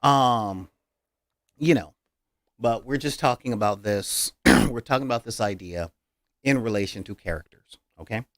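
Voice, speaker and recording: A man's voice: fairly low pitch, measured pace, pauses often, fairly bright tone, dry recording, clean studio sound. A man hosting a casual talk about tabletop roleplaying as a game master, speaking earnestly with many hesitations and fillers.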